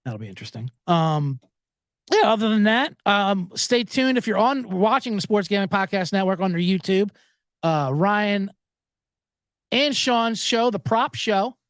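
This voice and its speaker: A man, hosting a podcast and rambling through a profane, animated story. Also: high-pitched, a little slow, no echo, clean studio sound. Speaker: podcast host. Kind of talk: casual storytelling monologue.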